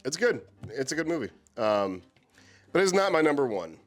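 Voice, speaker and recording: A man co-hosting a casual chat about horror movies, animated and swearing freely. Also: fairly high pitch, moderate pace, faint music behind. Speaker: co-host.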